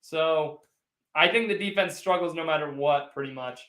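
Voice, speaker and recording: With a pushed, bright voice on the high side and a normal speaking speed, this sports livestream host rambles through a casual postgame show. He teases and answers viewers' chats head-on, recorded in an echoey room.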